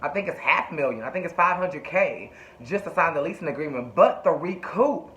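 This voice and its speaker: Sassy cussing guy recapping a show, highish bright voice, roomy muffled mic. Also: lively intonation, normal speed. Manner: sassy, profane, chatty. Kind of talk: casual TV recap. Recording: echoey room, dull lo-fi sound.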